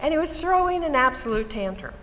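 An older woman giving an earnest Mother's Day message, telling family stories in a measured way. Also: sits high, very animated, a bit bright. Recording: reverberant hall with faint noise.

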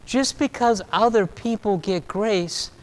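A man preaching a sermon, telling a story with animation and swinging between loud and soft delivery. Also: high voice, takes it slowly. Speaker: pastor. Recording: long reverb of a large hall.

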